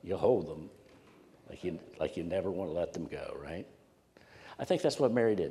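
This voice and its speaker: A man's voice: deep voice, expressive, moderate pace, pauses often. Male pastor preaching in a reverberant sanctuary. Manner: earnest, rises loud for emphasis and drops to near whispers. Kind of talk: sermon. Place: church sanctuary. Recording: long hall reverb.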